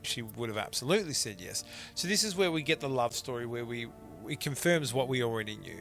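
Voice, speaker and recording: A man's voice: medium pitch, expressive, brisk, vocal fry, hardly any pauses, fairly bright tone, faint music behind. A man playing a mystery video game, chatting and reading letters aloud with frequent stumbles. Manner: chatty, stumbling over words while reading. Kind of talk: let's play commentary, reading letters aloud.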